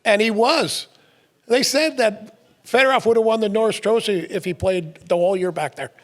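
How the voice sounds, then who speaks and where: A middle-aged man co-hosting a casual podcast chat, telling lively stories, laughing often and acting out what others said. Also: high-pitched, normal speed. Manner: animated storyteller, laughs often, acts out quotes. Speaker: podcast co-host.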